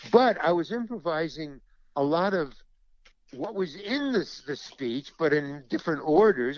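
Animated storytelling man. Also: a little high, no room sound, muffled recording. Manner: animated, acts out other people's lines. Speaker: actor and stand-up comedian. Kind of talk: anecdotal storytelling in an interview.

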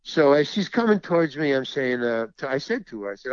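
Animated storytelling man. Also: medium pitch, fairly quick, clear, resonant tone, dry recording, lo-fi sound. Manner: animated, acts out other people's lines. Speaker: actor and stand-up comedian. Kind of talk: anecdotal storytelling in an interview.

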